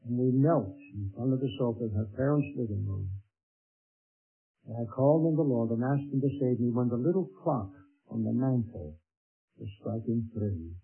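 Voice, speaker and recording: An older man telling his own conversion story as a sermon testimony, earnest and measured, pausing often between phrases. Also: mid-range voice, lively intonation, gravelly. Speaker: preacher giving his testimony. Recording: tinny narrow-band old recording with faint music.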